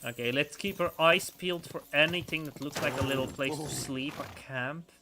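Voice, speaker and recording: A man's voice: a little high, steady tone, normal speed, background noise. A man giving casual let's-play commentary while playing a story game, rambling with frequent chuckles and restarts.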